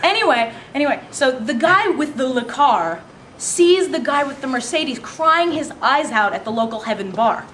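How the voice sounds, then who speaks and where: High-voiced woman telling jokes with gusto. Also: normal speed, noisy background. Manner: animated storyteller, laughs through punchlines and acts out quoted voices. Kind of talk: casual joke-telling.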